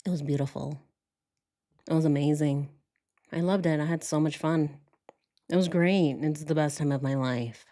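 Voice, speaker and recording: A woman putting on a flat, monotone, emotionless man reciting his family story like a robot. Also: sits low, measured pace, pauses often, voice pushed down.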